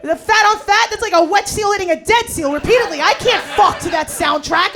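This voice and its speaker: A woman in her forties from New York doing a brash, profane stand-up set in a bar, swinging from muttering to shouting. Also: very high-pitched, fast talker, hardly any pauses, over music. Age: 40s. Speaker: stand-up comedian. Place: bar with a live audience. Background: audience laughter.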